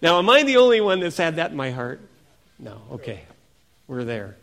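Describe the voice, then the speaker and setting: A male pastor preaching a sermon in a lively way, asking his congregation questions. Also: on the high side, normal speed, creaky. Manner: animated, asks the congregation questions.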